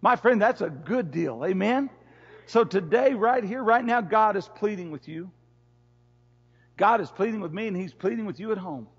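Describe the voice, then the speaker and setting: A pastor preaches with a high, husky voice, pleading with his congregation again and again. His words ring through a church with a long echo. The recording itself sounds dull and lo-fi. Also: lively intonation, moderate pace. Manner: impassioned, pleading and repetitive. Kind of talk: sermon. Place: church sanctuary.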